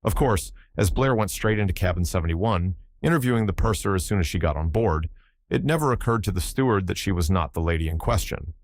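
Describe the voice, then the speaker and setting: Deep-voiced male audiobook narrator. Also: expressive, fairly quick, no room sound. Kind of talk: first-person audiobook narration.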